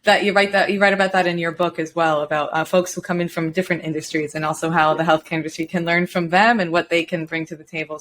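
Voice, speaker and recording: A woman's voice: fairly low pitch, a bit bright, slight background noise. A woman hosting a podcast interview, answering with brief affirming replies and asking the guest questions. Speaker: podcast host.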